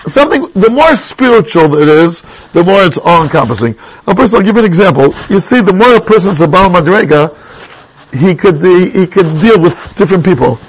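Casting: male Torah teacher, high pitch, husky, chatty, mixes in Hebrew terms. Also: lively intonation, fairly quick, highs cut off. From England. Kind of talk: classroom text lesson.

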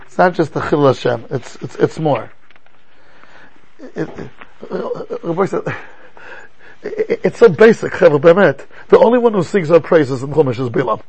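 Man giving a lively Torah class, high gravelly husky voice, rhetorical questions, stumbling restarts. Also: moderate pace, long pauses, rough recording. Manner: animated, rhetorical questions, frequent stammering restarts. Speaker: rabbi teaching a Torah class. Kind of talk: animated Torah lecture.

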